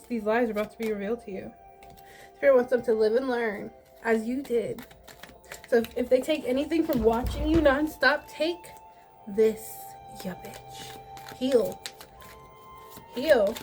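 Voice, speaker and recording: A woman's voice: on the high side, a little mellow. Blunt, sassy woman tarot reader. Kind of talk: casual spoken tarot reading.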